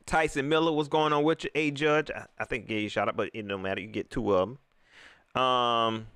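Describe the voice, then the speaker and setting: A man's voice: a little high, fairly bright tone, smooth, no echo, studio quality. A man hosting a post-game livestream, ranting in repetitive casual slang. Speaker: livestream host.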